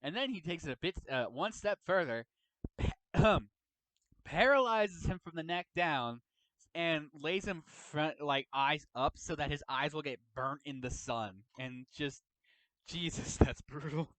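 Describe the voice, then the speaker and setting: A man's voice: on the high side, a little slow, a bit bright, no echo, poor audio. A man hosting a casual chat about his roleplay story. He rambles and often tags his sentences with "right?". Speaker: host and storyteller.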